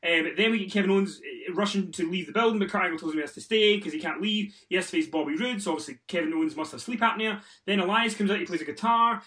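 A man's voice: high voice, very fast, hardly any pauses, bright, forceful tone. A man, hosting a casual podcast, sweary and exasperated, rattling off a recap with lots of ums. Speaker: podcast host. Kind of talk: casual wrestling podcast chat.

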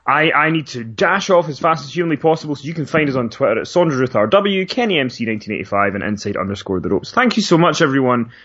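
A man hosting a podcast in casual chat, briskly asking questions and wrapping up the show. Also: mid-range voice, lively intonation, fairly bright tone, slightly rough, muffled recording. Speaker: podcast host.

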